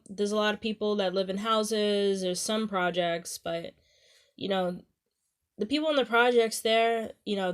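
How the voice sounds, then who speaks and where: A young woman with a Staten Island New York accent, talking casually to her viewers in a rambling way, full of "you know" and "um". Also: on the low side. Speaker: vlogger. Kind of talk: casual talk to camera.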